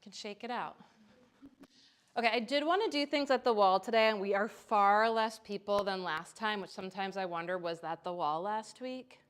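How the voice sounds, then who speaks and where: A woman teaching a live yoga class in a studio, giving calm step-by-step cues with casual asides. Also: medium pitch, moderate pace, clear, resonant tone. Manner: calm cueing with chanted Sanskrit and casual asides.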